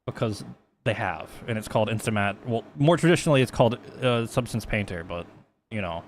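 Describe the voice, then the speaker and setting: A man's voice: fairly low pitch, fairly quick, a little hiss or hum. Profane, rambling man streaming a tutorial. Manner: rambling, profane, self-mocking. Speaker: streamer teaching 3D texturing. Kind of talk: casual live-stream tutorial.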